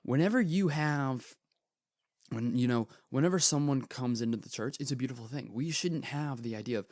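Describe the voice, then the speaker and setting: A teenage boy hosting a podcast, retelling a parable in earnest, casual commentary with animated asides. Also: medium pitch, normal speed, no room sound, studio quality. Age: teens. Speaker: podcast host.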